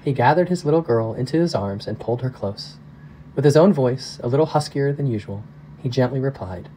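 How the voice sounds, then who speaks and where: Mellow male storyteller. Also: mid-range voice, slight background noise, poor audio. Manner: calm, measured storytelling. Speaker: pastor. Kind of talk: audiobook narration.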